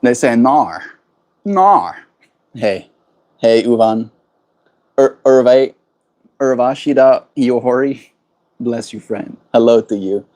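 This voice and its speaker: A man with a South African accent chatting gently on a livestream, greeting viewers and laughing often. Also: medium pitch, fairly even intonation, takes it slowly, pauses often. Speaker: livestreamer reading chat. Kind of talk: casual livestream chat.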